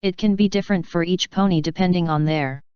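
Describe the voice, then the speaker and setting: A woman voicing an earnest young female crystal pony in a storybook reading, gentle and sincere. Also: fairly low pitch, fairly even intonation, a little fast, clear, resonant tone, no echo, lightly acted. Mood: hopeful. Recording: dull lo-fi dry recording.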